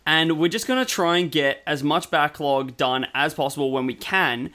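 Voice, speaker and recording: A man's voice: on the high side, moderate pace, bright, forceful tone. A man co-hosting a podcast, talking in an earnest, encouraging casual way. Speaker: podcast co-host. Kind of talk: casual chat.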